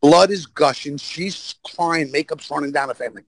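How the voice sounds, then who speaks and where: On poor audio with a little hiss or hum, a New Yorker guesting on a podcast speaks at a moderate pace with few pauses, his fairly high voice a bit bright. He spins blunt, foul-mouthed stories with animation, impersonating the other characters as he goes.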